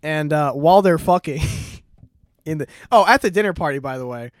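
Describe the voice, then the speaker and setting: A man's voice: on the high side, lively intonation, normal speed, dry recording, studio quality. A man casually retelling a plot in a rambling way, laughing often and swearing freely. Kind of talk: casual chat.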